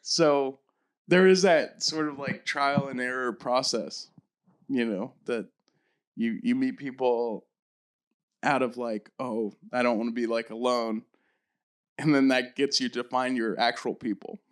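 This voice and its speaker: A man who is a comedian, a guest on a podcast, talking loosely with quick reactions and swearing. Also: medium pitch, fairly even intonation, clear, resonant tone. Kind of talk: casual chat.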